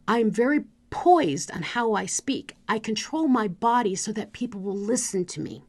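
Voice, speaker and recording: A middle-aged woman, a speaker coach, giving an animated motivational talk with demonstrative asides. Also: a little high, normal speed, few pauses.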